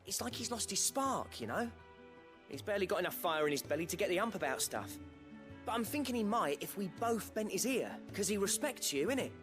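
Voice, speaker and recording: A friendly, coaxing lad who drops slang into every sentence. His voice sits high and bounces around a lot, with soft game music underneath. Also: very animated, brisk. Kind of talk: video game voice acting.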